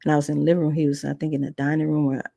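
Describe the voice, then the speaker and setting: A woman's voice: low-pitched, level tone, very fast, gravelly, dark tone, no echo. A woman podcast host telling a personal testimony in an earnest, conversational way. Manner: earnest, conversational, retelling with quoted dialogue.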